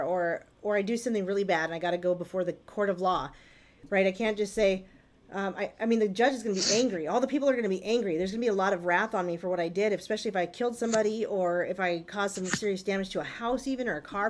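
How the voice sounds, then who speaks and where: A woman co-hosting a casual livestream, earnestly explaining faith with everyday examples and acted-out bits of dialogue. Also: medium pitch. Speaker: livestream co-host. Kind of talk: casual religious livestream talk.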